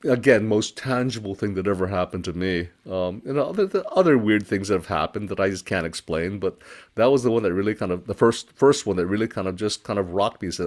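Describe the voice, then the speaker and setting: A man telling a personal ghost story in casual conversation, animated and laughing as he acts out his own reactions. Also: lowish voice, quick pace. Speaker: storyteller guest.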